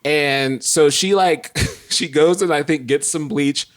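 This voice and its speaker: A man co-hosting a podcast, telling a story in a casual chat, animated and laughing, acting out the quotes in quick bursts. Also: a little high. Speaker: podcast co-host.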